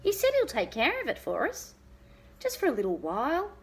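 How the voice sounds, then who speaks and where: A man's voice: very high voice, huge pitch swings, moderate pace, fairly bright tone, slight background noise, voice pushed up, exaggerated voice. A woman doing an eager, pleading boy. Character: eager young boy pleading with his father.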